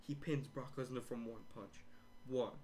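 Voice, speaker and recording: A man's voice: medium pitch, normal speed, a little hiss or hum. A young man casually joking, acting out wrestling matches and chanting, recorded in his bedroom. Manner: excitable, swearing, acts out wrestling with loud chanting. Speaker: host.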